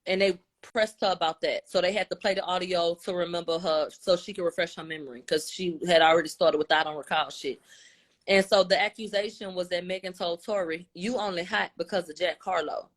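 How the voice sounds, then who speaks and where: A woman giving a casual spoken recap, retelling what others said with shifts in tone and loudness. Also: on the low side, steady tone, brisk. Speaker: commentator.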